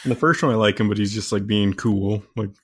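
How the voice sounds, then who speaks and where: A man's voice: on the low side, a little fast, breathy edge. A man co-hosting a podcast, chatting enthusiastically and laughing often. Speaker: podcast co-host. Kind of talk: casual chat.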